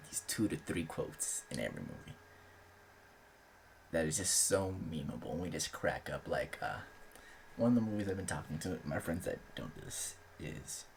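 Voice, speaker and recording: A man's voice: rumbling low, animated, normal speed, creaky, a little hiss or hum. A young man talking in a loose, rambling way as host of his own channel, full of filler words and casual swearing. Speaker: aspiring author and channel host. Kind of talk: casual chat.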